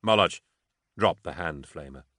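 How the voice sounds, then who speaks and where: A man's voice: sits low, animated, measured pace, a bit bright, no echo, studio quality. A man narrating fiction steadily as an audiobook narrator.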